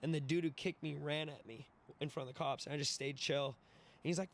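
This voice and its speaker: A young man in his twenties, a podcast guest telling a wild story in an animated, profane way, laughing and acting out the voices. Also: a little high, fast talker. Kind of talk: casual storytelling.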